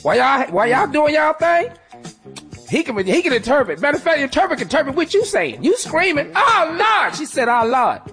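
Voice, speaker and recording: High-voiced joking radio co-host man. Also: big pitch swings, fast talker, gravelly, a bit bright, faint music behind. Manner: joking, playfully mimics others' speech. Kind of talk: comedic radio banter.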